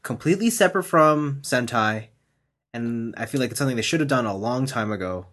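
Dude on a podcast, easygoing, agrees a lot, middle pitch. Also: male voice, lively intonation, fairly quick, fairly bright tone. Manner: agreeable, frequent "yeah" backchannels. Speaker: podcast co-host. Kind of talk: casual chat.

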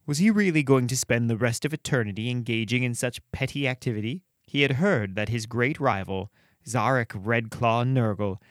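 A man hosting a podcast, reading dark fantasy stories aloud with a measured, expressive delivery and chatting casually between them. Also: mid-range voice, dry recording, clean studio sound. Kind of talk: storytelling narration and casual commentary.

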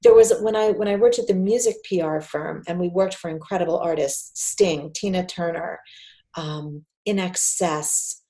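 Woman in her 40s, podcast guest, tells stories lively, kinda low voice. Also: moderate pace. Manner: animated storyteller, acts out quoted voices. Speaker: podcast guest, PR agency founder. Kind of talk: casual storytelling interview.

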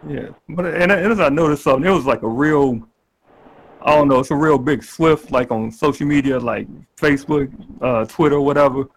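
Guy chiming in fast, trips over his words, slightly higher voice, bit of hiss behind. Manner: quick, laughing asides with stumbling restarts. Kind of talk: casual chat.

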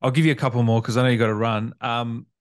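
A man's voice: medium pitch, quick pace, dry recording. Man hosting in a dry, close sound. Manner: relaxed, reactive with short interjections. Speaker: interview host. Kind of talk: casual interview.

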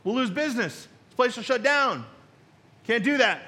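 A man's voice: very high voice, animated, normal speed, sharp tone, full character voice. A man doing a scolding pet-shop owner.

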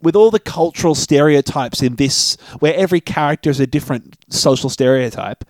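A man's voice: on the high side, fairly quick, no room sound. A man co-hosting a casual film discussion podcast, thinking aloud in long winding sentences with restarts and the odd swear. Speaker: podcast co-host.

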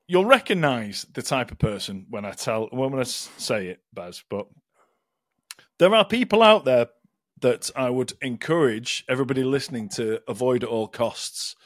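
A man's voice: mid-range voice, animated, unhurried, dry recording, studio quality. A British man co-hosting a podcast, chatting casually with blunt, sweary banter. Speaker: podcast co-host. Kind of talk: casual chat.

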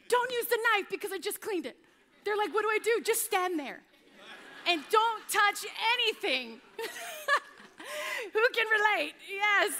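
A middle-aged woman pastor preaching a sermon, telling animated, self-mocking stories about her home life. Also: very high voice, big-room sound.

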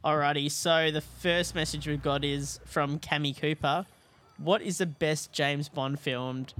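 A man's voice: a little high, steady tone, unhurried, a bit bright, slight background noise. A man co-hosting a sports podcast, easygoing as he reads out listener questions. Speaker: podcast co-host reading listener mail. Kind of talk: casual sports chat.

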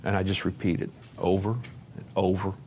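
A man giving a candid personal testimony at a conference, dropping to a hush and then rising loud and laughing. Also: low-pitched, flat delivery, moderate pace, slight background noise. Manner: candid, swings between hushed and loud, laughing. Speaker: speaker sharing his recovery story. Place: conference hall.

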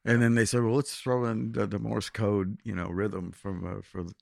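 Lowish guy reading his music notes, dry close mic, earnest. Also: level tone, normal speed, gravelly, no echo. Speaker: podcast co-host.

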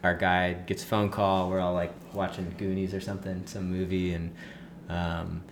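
Guy with a lowish voice rambling thru a story, lots of "like", faint room noise behind. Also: normal speed. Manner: filler-heavy, animated when quoting others. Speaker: guest. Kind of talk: casual storytelling.

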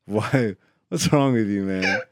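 A man's voice: on the low side, slow pace, dry recording. A man co-hosting a casual sports podcast from a studio, loose and joking and swearing freely. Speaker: podcast co-host.

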